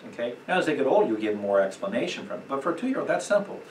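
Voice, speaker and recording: In a church meeting room, a man with a mid-range, sing-song voice races through a parenting class, emphatic and chatty, acting out quotes and chuckling frequently. The recording comes from a distant room mic, echoey with faint background noise.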